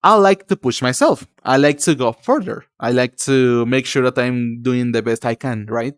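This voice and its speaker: A man's voice: mid-range voice, normal speed, dry recording, studio quality. A young man from Mexico, a native Spanish speaker with a Mexican Spanish accent, chatting casually with stream viewers, rambling with many fillers and calling them darling. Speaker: livestreamer.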